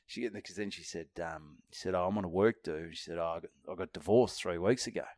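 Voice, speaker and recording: A man's voice: low-pitched, fairly quick, dry recording, studio quality. A young Australian man co-hosting a podcast, telling stories in a casual chat and acting out the people in them. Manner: animated storytelling, acts out hecklers. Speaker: podcast co-host, comedian.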